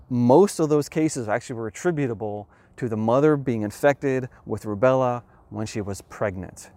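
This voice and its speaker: A man of middle pitch talks through a scientific explanation in an earnest, emphatic way. He leans on key words and slows down to let points land. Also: a little mellow. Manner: earnest, emphatic, with measured pauses.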